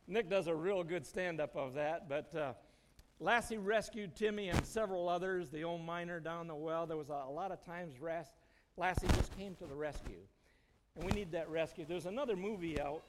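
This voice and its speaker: Middle-aged male church speaker, folksy storyteller, slightly high voice, reverberant hall. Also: normal speed, background noise. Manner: folksy, storytelling, chuckles often. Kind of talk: informal sermon with personal stories.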